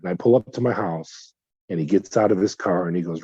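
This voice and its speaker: A middle-aged man from California recounts his past in an interview, slipping into quoted dialogue and stumbling over repeated words. His voice is dark and husky. The recording is dry and a little muffled. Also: low voice, quick pace, no room sound. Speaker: whistleblower guest. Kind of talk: conversational storytelling interview.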